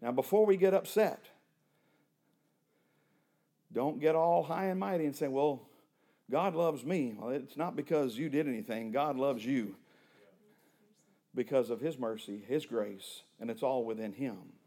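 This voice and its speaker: A man preaching a sermon to a church congregation, rising to loud emphatic peaks and dropping to low, hushed lines. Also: measured pace, pauses often. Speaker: pastor.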